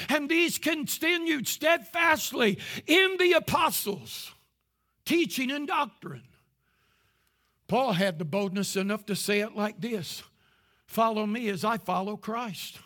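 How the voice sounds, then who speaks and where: An older man preaching a sermon as pastor to a live congregation, his passion swelling into shouts. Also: very high-pitched. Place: church service before a live congregation.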